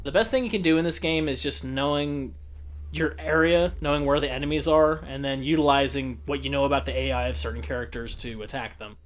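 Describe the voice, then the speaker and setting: A man's voice: mid-range voice, a little fast. A young man giving casual, joking commentary over gameplay, offering tips and laughing often. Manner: giggly, jokey, gives gameplay tips. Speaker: let's play commentator.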